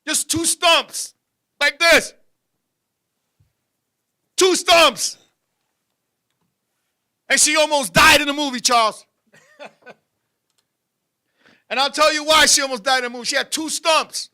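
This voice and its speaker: A man hosting a comedy show, telling crude jokes loudly and animatedly and often shouting. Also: very high-pitched, fairly even intonation, slow, pauses often. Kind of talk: crude stand-up style comedy banter.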